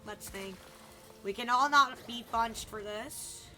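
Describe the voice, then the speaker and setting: A young adult woman streaming a game, chatting and commentating in an excitable way, swearing and yelling at teammates. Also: on the high side, takes it slowly. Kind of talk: live gameplay commentary. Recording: game music in background. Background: game music.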